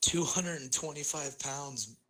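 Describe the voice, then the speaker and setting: A man's voice: fairly high pitch, a little slow, fairly bright tone, slight background noise, rough recording. A young man with a Midwestern American accent, co-hosting a podcast in casual, rambling chat and laughing often. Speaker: podcast co-host.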